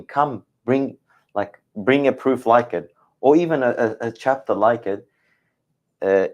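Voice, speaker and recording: A man's voice: medium pitch, darkish tone. A man teaching the Quran in a scholarly discussion, thinking aloud, hedging and correcting himself as he goes.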